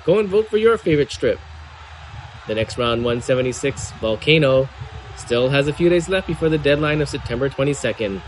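A man's voice: mid-range voice, lively intonation, fairly quick, slight background noise, rough recording. Man reading a punchy update. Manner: announcer-like read, punchy emphasis. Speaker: segment presenter. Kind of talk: scripted podcast update.

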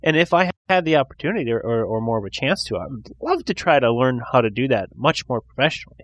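A man's voice: mid-range voice, lively intonation, fast talker, a bit bright, dry recording. A man hosting a casual podcast chat, rambling and restarting his sentences. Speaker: podcast host.

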